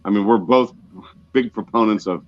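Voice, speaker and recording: A man's voice: lowish voice, normal speed, dull audio, slight background noise. A man co-hosting a podcast, chatting casually with dry, wordy remarks. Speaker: podcast co-host. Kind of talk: casual chat.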